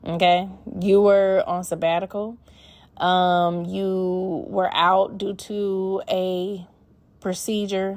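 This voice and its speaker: A woman's voice: medium pitch, no echo. A woman hosting a podcast, reading listener emails and giving blunt, profane, emphatic advice. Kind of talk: casual advice chat.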